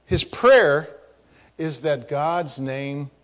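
A man's voice: fairly high pitch, drawn-out words, a bit bright. A man preaching a teaching sermon on prayer, explaining grammar with asides and repeating phrases for emphasis. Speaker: pastor.

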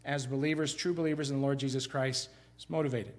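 A middle-aged pastor from Iowa delivers a sermon in a conversational way, talking fast. His voice runs slightly high for a man, and he's animated, his pitch climbing and falling as he drives points home, frequently starting sentences over.

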